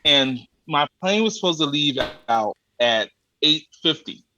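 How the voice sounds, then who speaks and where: A man's voice: a little high, a little slow, dull audio, slight background noise. A man guesting on a podcast, telling a comic travel story in a loose, colloquial way and acting out the people he dealt with. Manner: animated storyteller, acts out exasperated exchanges; colloquial, swears casually. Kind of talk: comic travel anecdote in casual chat.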